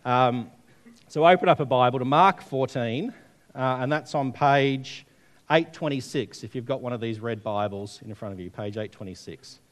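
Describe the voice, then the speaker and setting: A man's voice: medium pitch, normal speed. A man preaching a sermon, telling stories and asking the congregation questions. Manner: storytelling, conversational, asks the audience questions.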